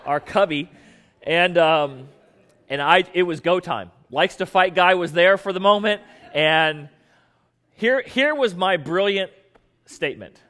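A man with a slightly high voice preaches in a casual, joking way, full of fillers and self-mocking asides. His voice carries a long reverb from the large hall he speaks in. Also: unhurried, pushed and bright. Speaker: pastor. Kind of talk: humorous storytelling sermon.

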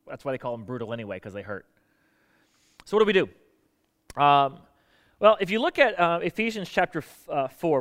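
A middle-aged pastor with a bright, forceful voice that sits a little high for a man. He preaches conversationally, throwing questions to the congregation and acting out the people he quotes. The sound carries a long reverb from a large hall. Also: expressive, brisk. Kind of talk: sermon.

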